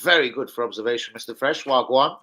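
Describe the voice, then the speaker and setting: A man's voice: mid-range voice, fast, background noise. A man hosting a football fan channel, hyper and slangy, swearing freely through casual chat and a transfer news roundup.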